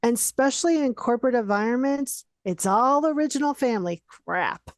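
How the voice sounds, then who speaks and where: A woman's voice: fairly high pitch, lively intonation, normal speed, dry recording, clean studio sound. A woman guest in a casual interview, talking frankly and bluntly, often tagging on "right?".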